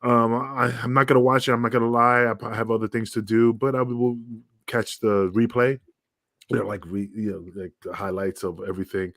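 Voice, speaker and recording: A man's voice: medium pitch, flat delivery, brisk, a bit bright, no room sound, studio quality. A man co-hosting a wrestling talk show, talking casually and stammering as he rambles. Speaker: co-host. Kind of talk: casual chat.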